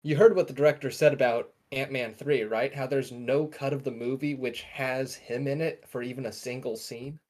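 A man's voice: medium pitch, fairly even intonation, moderate pace, hardly any pauses, darkish tone. A young man co-hosting a podcast in casual chat, enthusiastic and often correcting himself mid-sentence. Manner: rambling, self-correcting, enthusiastic. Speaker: podcast co-host.

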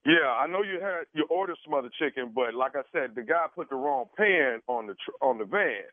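A man's voice: medium pitch, expressive, no echo. A man making a prank phone call, posing as a caterer and stammering through his explanation with lots of fillers. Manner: halting, stammering with many fillers. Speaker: radio prank caller. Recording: tinny phone line.

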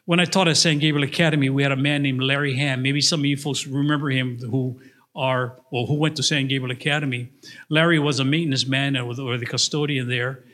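A man's voice: mid-range voice, brisk. An older man preaching a sermon, telling stories and acting out the voices of the people in them. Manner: animated storytelling preacher, acts out voices in his stories. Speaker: pastor.

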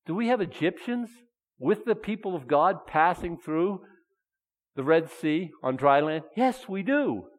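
A man preaching a sermon as pastor, animated, asking his listeners rhetorical questions and adding chuckling asides. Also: on the high side, measured pace. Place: church sanctuary. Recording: long hall reverb.

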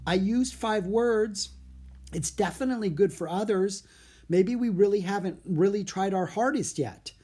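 Reader doing a kindhearted young girl in a storybook, high and excited. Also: moderate pace, husky, natural voice. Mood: earnest, pleading. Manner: excited, pleading.

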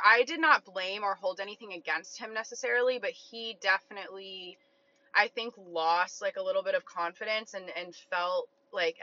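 A young woman recounts a story in a loose, chatty vlog style, filling her sentences with "like". Her voice is bright and a little sharp. The recording sounds slightly dull and lo-fi. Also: medium pitch. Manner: chatty, heavy use of "like", quoting herself.

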